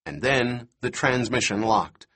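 A man narrating a novel in a steady, even storytelling voice. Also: medium pitch, a little slow, slightly rough. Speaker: audiobook narrator. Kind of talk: scripted narration.

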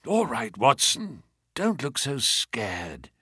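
A man reading an audiobook, voicing an injured male detective who mutters in a weak, hoarse, hushed voice. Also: sing-song, unhurried, dry recording, studio quality, exaggerated voice. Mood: weak, reassuring. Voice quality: hoarse weak whisper-like murmur. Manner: low, quiet, muttered.

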